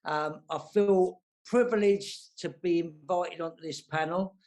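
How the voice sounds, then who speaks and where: Man in his sixties, London accent, fairly high voice, chatty and self-deprecating, video call audio. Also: steady tone, measured pace, a little mellow. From South London. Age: 60s. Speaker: panel guest. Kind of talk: casual panel chat over a video call.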